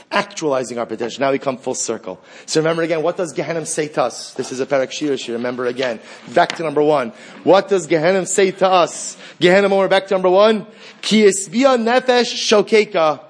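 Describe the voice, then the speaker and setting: Male preacher, impassioned and repetitive, quoting Hebrew verses. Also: on the high side. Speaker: rabbi. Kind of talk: sermon.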